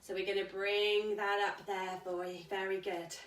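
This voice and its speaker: A woman's voice: mid-range voice, little pitch movement, normal speed, a bit bright. A woman leading a live kids yoga class, reading a story aloud with cheerful, encouraging instructions. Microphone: live stream camera mic at a distance. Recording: echoey room, mic at a distance.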